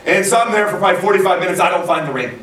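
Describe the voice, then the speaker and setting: A man preaching a sermon to a congregation, telling a lively story, acting out what people said, and laughing along the way. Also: sits high, racing, recorded from a distance, a little hiss or hum. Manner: storytelling, lively, acts out quotes, laughs often. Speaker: pastor. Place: large church hall with congregation. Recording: echoey hall, recorded from afar, congregation audible.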